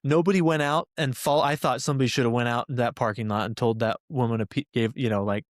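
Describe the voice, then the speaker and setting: A man's voice: medium pitch, steady tone, quick pace, dry recording, studio quality. A man hosting a podcast, earnestly telling a personal story in conversation, with many fillers along the way. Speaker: podcast host.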